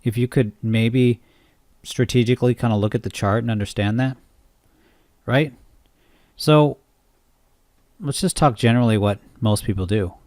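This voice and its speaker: A man's voice: mid-range voice, normal speed, long pauses, a little mellow, dry recording, studio quality. A man coaching trading in an unscripted screen-share tutorial, rambling and interrupting himself, often checking in with "right?". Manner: rambling, self-interrupting, asks listeners "right?".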